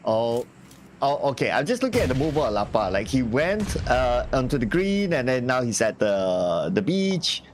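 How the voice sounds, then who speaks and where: A man casting a live esports match in English with a Southeast Asian accent, rattling off eliminations in quick succession. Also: mid-range voice, sing-song, slight background noise. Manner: rapid-fire calling of eliminations. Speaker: esports caster. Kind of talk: live esports play-by-play commentary.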